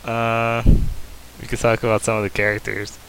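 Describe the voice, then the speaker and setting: A man's voice: mid-range voice, completely flat delivery, normal speed, fairly bright tone, slight background noise, rough recording. A man co-hosting a casual chat show about manga, speaking hesitantly with fillers. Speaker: podcast co-host.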